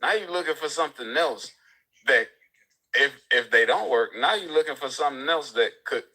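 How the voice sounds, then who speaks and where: A man's voice: medium pitch, expressive, moderate pace, bright, forceful tone, rough recording. A man on a live stream who argues his point with repeated, homespun analogies. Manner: repetitive, arguing by analogy. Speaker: guest. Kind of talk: casual debate on a live stream.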